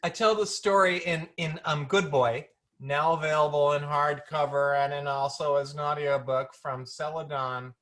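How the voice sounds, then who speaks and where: A woman's voice: sits low, steady tone, moderate pace. A woman author chatting over a video call, playful and rambling, often stopping and restarting her sentences. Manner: playful, rambling, self-interrupting. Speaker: author being interviewed. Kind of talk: casual video-call conversation. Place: home, virtual event.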